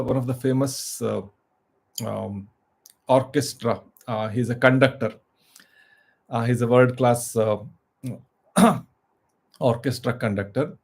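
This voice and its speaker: Man, casual storytelling, halting, many restarts, motivational. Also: mid-range voice, darkish tone, slightly rough. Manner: halting, full of restarts and fillers.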